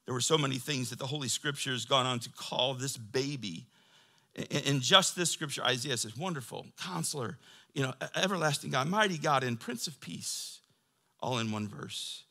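A man's voice: mid-range voice, animated, moderate pace, bright, forceful tone. A man preaching a sermon to his church in a conversational, joking way, reading scripture between asides. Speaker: pastor.

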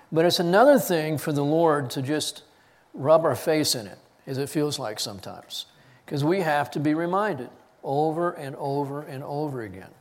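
A man preaching a sermon, reading scripture with rising force and dropping low to press his points. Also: big-room sound. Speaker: pastor.

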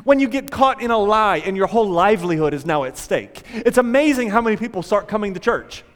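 Man, pastor, animated sermon, high voice, long hall reverb. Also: fairly quick. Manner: animated preaching, acts out panicked prayers.

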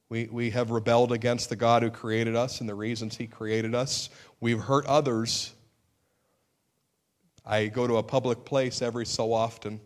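A middle-aged male pastor preaching a sermon in an earnest way, with sudden emphatic outbursts and self-deprecating humor. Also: mid-range voice.

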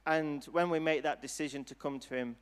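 A man's voice: a little high, steady tone, clear, resonant tone. Earnest man preaching in a reverberant hall. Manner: earnest, gentle, unhurried. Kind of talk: sermon with altar call.

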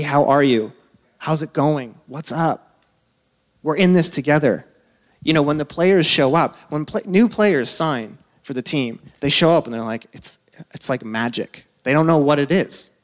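A man in his thirties who is a pastor, preaching a sermon in a casual, conversational way, full of asides and quick laughs. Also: on the high side. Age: 30s.

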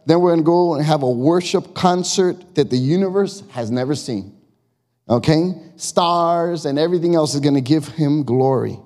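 A male pastor delivers his sermon with emphatic, conversational energy, asking the congregation questions from the church sanctuary. He speaks at a moderate pace in a somewhat high, darkish voice, with the long echo of the church hall trailing behind.

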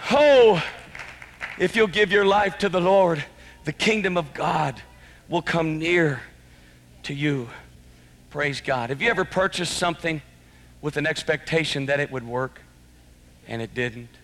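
A man preaching a sermon as pastor, impassioned, swinging between shouted exclamations and hushed, earnest passages. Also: on the high side, unhurried, long pauses, a faint crowd. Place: church sanctuary. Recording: long church hall reverb.

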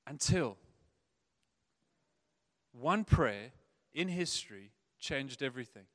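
A man preaching a sermon, animated, acting out the voices of the people in his stories. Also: medium pitch, takes it slowly. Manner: animated, acts out quoted voices. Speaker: pastor.

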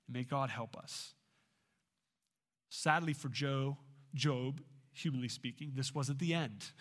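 A man delivering a sermon as a pastor, preaching emphatically with swings in pitch and loudness.

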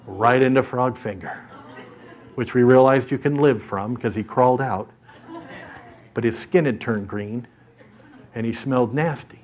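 A man preaching a sermon through an animated story in front of a congregation, dramatically shifting his voice as he tells it. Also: mid-range voice, a little slow, pauses often. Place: church or hall with an audience. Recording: dull lo-fi recording.

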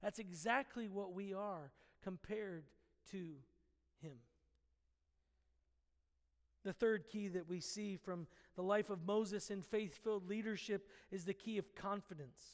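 A man's voice: sits high, unhurried, long reverb tail. A man preaching a sermon, earnest and teaching, with playful asides where he chuckles at the story.

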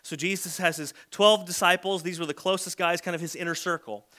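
Casting: male pastor, slightly high voice with a bright edge, chatty sermon delivery. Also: steady tone, a little fast. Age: adult with a son. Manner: conversational preaching, acts out quoted lines.

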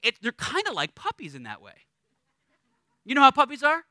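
A middle-aged man preaching a sermon as a pastor, conversational and animated, acting out little voices in his stories. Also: extremely high pitch, normal speed, dry recording.

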